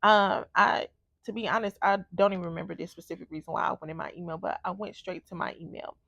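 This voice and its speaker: A woman's voice: lowish voice, steady tone, quick pace, gravelly, fairly bright tone, no room sound, studio quality. A woman vlogger telling a personal story in a candid, blunt casual way, with frequent swearing.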